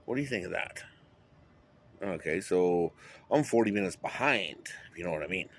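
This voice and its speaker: Low-voiced man rambling and swearing. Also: lively intonation, normal speed, slight background noise. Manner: rambling, wandering, with frequent swearing. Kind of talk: rambling monologue to camera.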